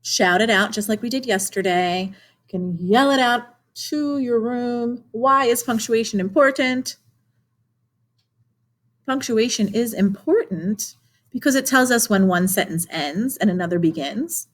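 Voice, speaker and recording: A young adult woman teaching children remotely gives a clear, encouraging lesson in a classroom style, asking questions as she goes. Her voice is on the high side and her pace is measured.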